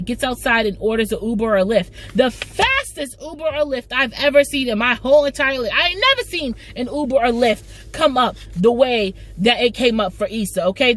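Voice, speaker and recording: A young woman talks through a TV episode recap in a loose, chatty way. Her voice sits a little high, and she leans hard on words with emphatic, slangy asides. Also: a bit bright. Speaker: TV recap vlogger. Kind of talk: casual recap chat.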